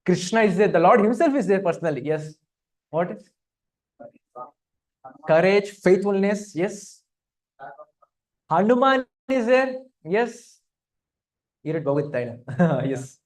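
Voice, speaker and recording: A man's voice: high-pitched, expressive, a little slow, long pauses. A man leads a scripture study class. He keeps it interactive, asking the room questions and humming between his points. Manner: interactive, asks the audience questions, frequent hums. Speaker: spiritual teacher.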